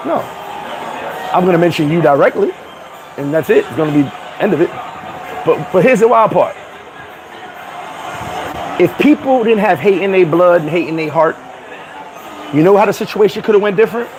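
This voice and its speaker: A man vlogging in a casual rant to camera, brash and profane, boasting and laughing often. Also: fairly high pitch. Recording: noisy outdoor street recording.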